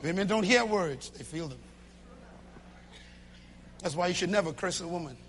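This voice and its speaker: A man preaching a sermon to a church congregation, emphatic, with loud bursts and low asides. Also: animated, moderate pace, a little hiss or hum.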